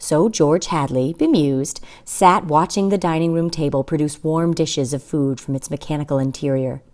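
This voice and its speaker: A woman reading a short story aloud, with expressive delivery and small asides to listeners. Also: sits low, moderate pace. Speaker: reader.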